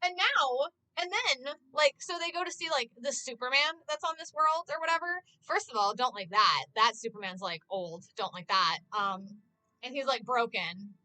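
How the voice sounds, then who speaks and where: A woman's voice: sits high, expressive, normal speed, pushed and bright, rough recording. A young woman streaming, recapping a TV episode in a casual, rambling way, swearing freely and gushing as a fan. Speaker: Twitch streamer.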